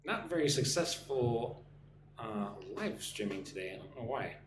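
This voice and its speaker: An American man teaching English on a live stream, speaking slowly and repeating phrases for learners to copy. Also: medium pitch, big pitch swings, echoey room, background noise. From United States. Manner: slow, careful, repeats phrases for learners to shadow.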